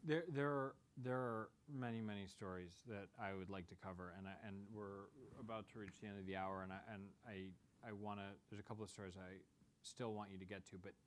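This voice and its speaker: A man interviewing a guest on stage, halting and repeating words as he sets up questions. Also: on the low side, fairly even intonation, slight background noise. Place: stage before a live audience.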